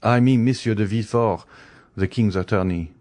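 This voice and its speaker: A man's voice: lowish voice, moderate pace, a little mellow, natural voice. A man doing an earnest kind doctor. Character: earnest male physician, kind.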